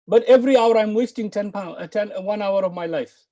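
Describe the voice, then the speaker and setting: British guy teaching a lesson, high-ish voice but mellow and dark, stresses every key word. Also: a little fast. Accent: British English. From United Kingdom. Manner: emphatic, repeats key words for learners to follow. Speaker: Arabic and Quran teacher. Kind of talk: live online lesson.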